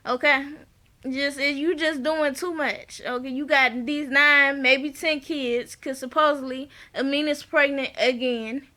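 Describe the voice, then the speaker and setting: A woman's voice: sits high, steady tone, measured pace, sharp tone. A woman giving a casual, slangy recap of a reality show, blunt and opinionated and breaking into laughs. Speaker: TV show reviewer.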